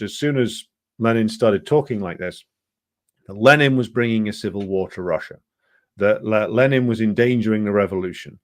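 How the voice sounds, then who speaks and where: A man presenting a political history programme, talking it through unscripted in an earnest, lecturing way, halting often with ums and restarts. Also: fairly low pitch, no echo, clean studio sound. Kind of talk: unscripted explanatory talk.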